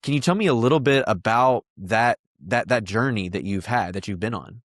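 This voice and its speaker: A man hosting an interview, gently asking his guest questions while searching for his words. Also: on the low side, animated, normal speed, no room sound, clean studio sound. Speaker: podcast host.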